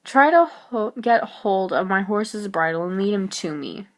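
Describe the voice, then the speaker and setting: A woman voicing a stern, brooding gentleman who speaks gruffly and teases dryly. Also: medium pitch, lively intonation, unhurried. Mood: commanding.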